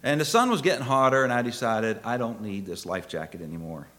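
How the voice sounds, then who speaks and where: A middle-aged man preaching a sermon through a personal story, his pitch leaping and falling with lively expression. He drops to hushed tones, then rises to loud, exclaiming peaks. His voice has a bright, forceful edge. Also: brisk.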